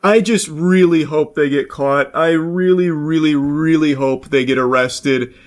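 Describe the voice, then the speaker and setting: A man's voice: fairly high pitch, fairly even intonation, measured pace. A man giving casual, sardonic, profanity-laced commentary.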